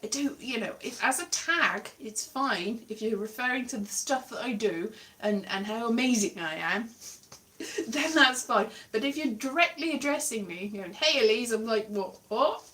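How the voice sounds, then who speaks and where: A woman's voice: a little high, lively intonation, normal speed, pushed and bright, distant mic. A woman in her twenties chatting casually and self-mockingly on a livestream, laughing often. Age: 20s. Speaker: livestream host.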